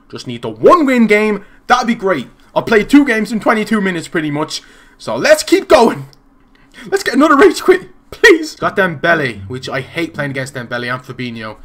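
A man's voice: fairly high pitch, a bit bright. A young Irish man giving angry, swearing commentary over his own football video game matches. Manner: swearing, exasperated ranting. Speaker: gaming YouTuber. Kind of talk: raging gameplay commentary.

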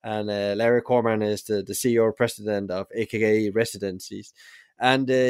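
Halting low-voiced man hosting a podcast. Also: steady tone, a little mellow, smooth, dry recording, studio quality. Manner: halting, with many restarts and fillers. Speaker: podcast host. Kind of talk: podcast interview.

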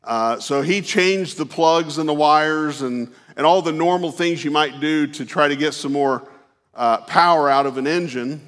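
A man's voice: a little high, fairly bright tone. Folksy preacher man in a reverberant hall. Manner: folksy, unhurried, with frequent fillers and restarts. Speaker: pastor. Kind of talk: conversational sermon with personal storytelling. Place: church sanctuary. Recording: long reverb of a church hall.

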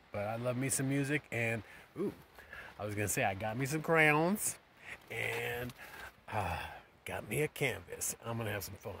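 A man's voice: mid-range voice, a bit bright, slight background noise. A man chatting casually in a rambling, upbeat way while at a riverside campground. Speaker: vlogger. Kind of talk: casual camping vlog.

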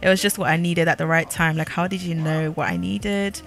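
A pampered young girlfriend gushes her thanks in a dramatic, breathy-eager way, as a woman voices her in a life-sim game. The voice is bright and forward, pitched a little low. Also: fairly even intonation, fairly quick, soft background music. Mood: gushing. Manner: gushing, dramatic.

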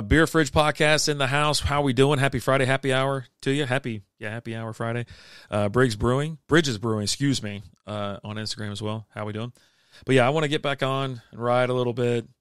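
Middle-aged male host, easygoing rambling chat, smooth close dry sound. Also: mid-range voice, fairly even intonation, fairly quick, fairly bright tone, no echo. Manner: rambling, laid-back, lots of fillers and restarts. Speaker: livestream beer show host. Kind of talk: casual chat reading live comments.

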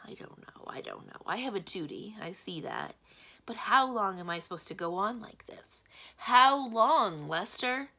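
A woman reading aloud and voicing a melodramatic male dark wizard who is worn out by his duty of evil. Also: lowish voice, very animated, moderate pace, vocal fry, heavily acted. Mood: despairing. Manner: plaintive and theatrical.

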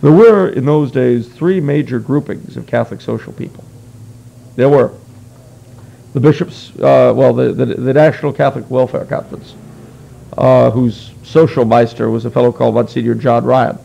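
A man's voice: mid-range voice, steady tone, moderate pace, creaky, dark tone, highs cut off. A man giving a conversational history lecture as a guest, explaining earnestly with wry asides. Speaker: guest speaker.

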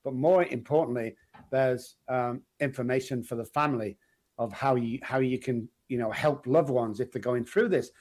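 A man's voice: medium pitch, normal speed. A middle-aged man with a Manchester accent, telling stories as an interview guest and acting out the people he quotes. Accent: Manchester English. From England. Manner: animated storyteller, acts out quoted voices. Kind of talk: casual interview chat.

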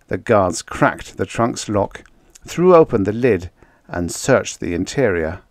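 Slow, low male narrator for a vintage sci-fi audiobook; dry, close sound. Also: animated, no room sound. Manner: measured storytelling. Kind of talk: scripted narration.

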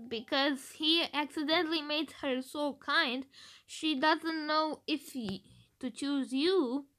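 A woman's voice: high-pitched, fairly bright tone. A woman from Romania chatting casually about her game predictions, thinking aloud with hesitant restarts. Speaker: gaming video creator. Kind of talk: casual game-theory chat.

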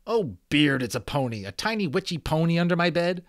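A man's voice: medium pitch, expressive, a little slow, a bit bright, no room sound, studio quality, voice pushed up. A man reading aloud and voicing a defensive boy who hurries to hide a secret. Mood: mocking.

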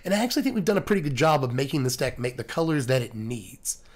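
A man hosting a video, hoarse and scratchy from laryngitis, rambling and joking through his sign-off. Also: mid-range voice, big pitch swings, fast. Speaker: host. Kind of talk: casual video outro.

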